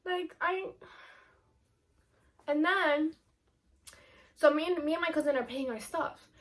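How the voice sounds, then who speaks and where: A young adult woman telling a personal story in a casual, animated vlog style, full of "like" and asides. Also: high-pitched, slow. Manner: chatty, animated, filler-heavy with lots of "like". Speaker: vlogger.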